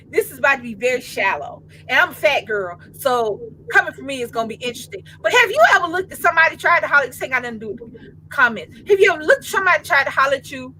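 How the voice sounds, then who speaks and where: A woman in her fifties, co-hosting a casual chat and telling an animated comic story in slangy, laughing talk. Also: high voice, slight background noise, rough recording. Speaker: co-host.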